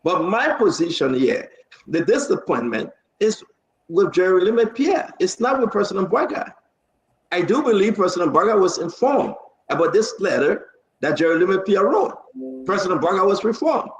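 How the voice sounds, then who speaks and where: A man's voice: high-pitched, lively intonation, moderate pace. A male talk show host, speaking emphatically and insistently. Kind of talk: political talk-show discussion. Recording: echoey, dull lo-fi stream audio.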